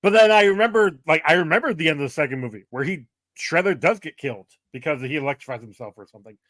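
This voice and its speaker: A man's voice: a little high, lively intonation, fast talker, a bit bright, dry recording, clean studio sound. A man co-hosting a movie-review podcast, chatting casually in an easygoing, hesitant way with frequent fillers. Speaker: podcast co-host.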